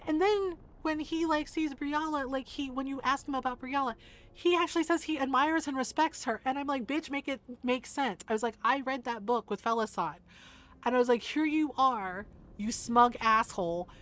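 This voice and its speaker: Woman game streamer, fairly high-pitched, swears freely, emphatic casual rant. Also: moderate pace, a bit bright. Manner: profane, emphatic ranting.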